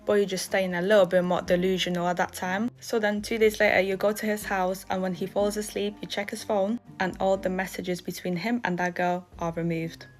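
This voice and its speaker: Young woman, lowish voice, flat delivery, casual storytime, faint music behind. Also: a little fast, few pauses. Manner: matter-of-fact, addresses listener as you.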